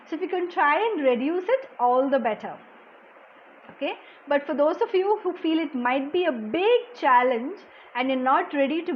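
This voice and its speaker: High soft-voiced indian woman teaching a live class, lots of "okay", muffled stream audio. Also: a little hiss or hum. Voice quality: soft-spoken, low volume. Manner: explanatory, reads out viewer comments, frequent "okay". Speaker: language exam coach. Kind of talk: live-streamed lesson answering chat questions.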